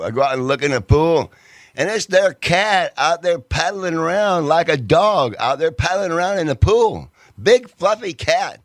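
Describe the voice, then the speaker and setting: A man's voice: on the high side, animated, normal speed, dry recording, clean studio sound. A man, rambling and defensive as he tells stories in profane casual banter. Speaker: podcast regular, shrimp boat worker.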